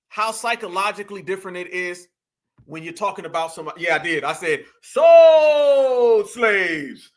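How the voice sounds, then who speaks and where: Online commentator, middle-aged and from the United States, delivering a fiery, sermonizing rant and calling his audience "fam." He speaks high, bright, and forceful.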